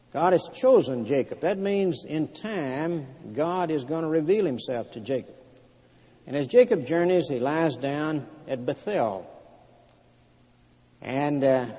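A man preaching a sermon, retelling scripture in a plain storytelling way with frequent pauses and fillers. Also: on the high side, dark tone. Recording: long hall reverb.

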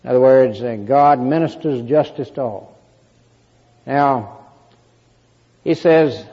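A man giving a measured Bible lesson, explaining verses and reading scripture aloud. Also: medium pitch, husky. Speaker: Bible teacher. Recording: muffled recording in a reverberant hall.

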